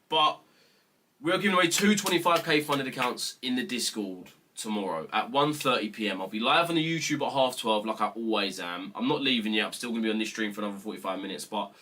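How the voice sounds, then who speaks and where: A man's voice: lowish voice, a little fast, sharp tone, a little hiss or hum. A young British man mentoring viewers on a live trading stream, ranting bluntly and swearing freely in casual chat. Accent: British English. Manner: blunt, profane, mock-serious ranting.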